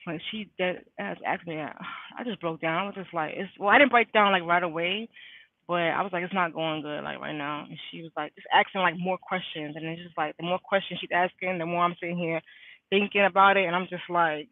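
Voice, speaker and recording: A woman's voice: lowish voice, steady tone, a little fast, no room sound. A stressed young woman talks straight to her phone from her car, venting candidly in a loose, slangy vlog. Her voice comes through thin and tinny like a phone line, with no room sound at all. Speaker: nursing student vlogger. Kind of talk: casual vlog. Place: in her car, parked at school.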